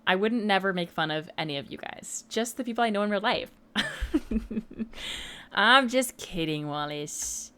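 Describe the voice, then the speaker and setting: A young woman in her mid-twenties talks loosely to her chat while she plays. Her voice sits at a middling pitch. She is chatty and fond of playful teasing. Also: sharp tone, clean tone. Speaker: livestreamer. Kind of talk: casual chat while gaming.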